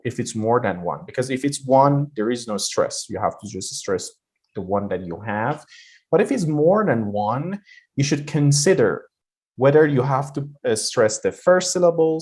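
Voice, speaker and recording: Man, pronunciation teacher, online lesson, animated intonation, repeats example words. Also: mid-range voice.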